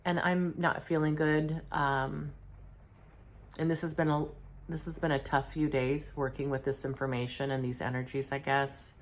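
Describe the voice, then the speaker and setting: A middle-aged woman with an unusually deep, low-pitched voice tells of a spiritual channeling session. She sounds a little unwell and clears her throat now and then. Her delivery is halting and reflective, with many pauses and restarts. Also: little pitch movement. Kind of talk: casual first-person account.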